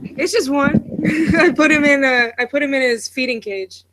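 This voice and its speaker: A woman's voice: high voice, normal speed, a bit bright, rough recording. A woman chatting casually with friends while she feeds her pet snake, laughing often. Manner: giggly, chatty. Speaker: host feeding her pet snake on a group call. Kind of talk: casual group chat.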